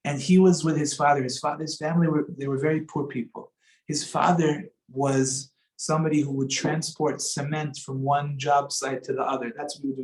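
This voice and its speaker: A man's voice: a little high, reverberant, rough recording. A man giving a conversational sermon in a synagogue, mixing in Hebrew terms as he tells a story. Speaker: rabbi.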